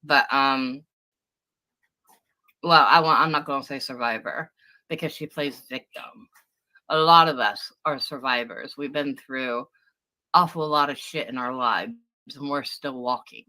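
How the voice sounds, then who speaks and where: A woman's voice: rumbling low, unhurried, long pauses, sharp tone, poor audio. A woman ranting heatedly on a livestream, profane and confrontational, calling out someone who wronged her. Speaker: livestream guest venting about a former friend. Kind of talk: angry ranting livestream talk. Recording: livestream audio.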